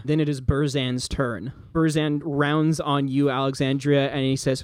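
A man narrating a tabletop game as game master in an animated, rambling way. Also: medium pitch, moderate pace, few pauses, dry recording.

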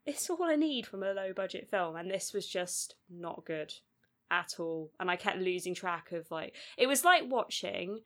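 A woman's voice: fairly low pitch, lively intonation, moderate pace. A woman co-hosting a podcast, chatting bluntly and animatedly about films, with plenty of fillers. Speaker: podcast co-host. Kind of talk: casual film review chat.

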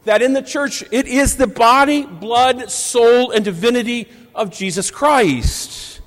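High-pitched man, Catholic priest, reflective Sunday homily, slow deliberate phrasing, reverberant church. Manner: measured, reflective preaching with deliberate pauses.

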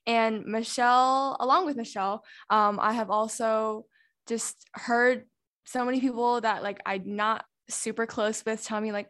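A woman who co-hosts a podcast talks casually in an interview. Her voice sits a little higher than most, and she jumps into a livelier tone whenever she quotes someone. She comes across as chatty and easygoing. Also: fairly even intonation, moderate pace. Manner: chatty, acts out quoted remarks in a brighter voice. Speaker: podcast co-host.

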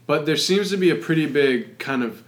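A man hosting an interview, giving soft backchannels and thinking aloud as he builds a question. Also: fairly high pitch, animated, brisk.

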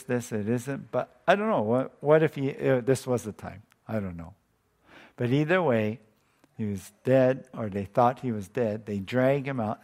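A pastor giving a casual, conversational sermon, thinking aloud and often chuckling. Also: male voice, mid-range voice, a little mellow.

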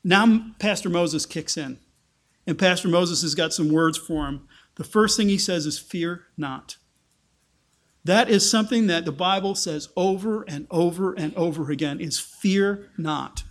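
A man's voice: sits high, normal speed. A man preaching a sermon in a conversational way, with sarcastic asides and rhetorical questions. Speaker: pastor.

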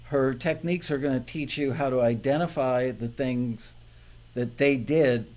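A man's voice: mid-range voice, unhurried. Male host, easygoing talker, casual chat. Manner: relaxed, storytelling with filler words. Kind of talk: casual chat about songwriting.

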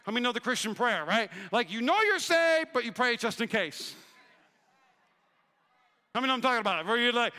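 A young man preaching a sermon, telling a story with animated swings from hushed lines to shouts. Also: very high voice, a little fast, pauses often. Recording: reverberant hall.

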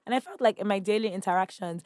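A woman's voice: medium pitch, fast talker, darkish tone, no room sound, studio quality. A young Nigerian woman in her twenties, a podcast guest chatting casually with many "like" fillers. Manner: chatty, lots of "like" fillers, laughs often. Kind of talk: casual interview chat.

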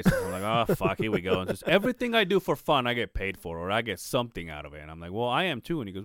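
In a dry, studio-quality recording, a man co-hosting a podcast rattles through a long story in casual conversation, voicing the people in it and cursing freely. He speaks at medium pitch in a sing-song, fairly bright voice, very fast and with hardly any pauses.

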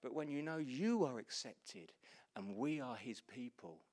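A man's voice: medium pitch, expressive. Impassioned male preacher. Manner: impassioned preaching that swings from loud exclamations to hushed, slow passages; earnest and personal, speaking directly to the congregation. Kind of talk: sermon.

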